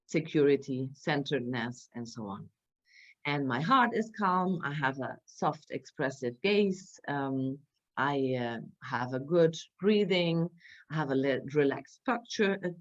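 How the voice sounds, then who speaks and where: Low-voiced woman lecturing, hesitant. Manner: hesitant, many fillers and tag questions. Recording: dull lo-fi recording.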